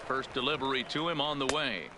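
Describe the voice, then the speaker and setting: A man voicing a baseball play-by-play announcer in a video game, with a measured broadcast delivery. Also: mid-range voice, natural voice. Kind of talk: video game sports commentary. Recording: game audio under crowd noise.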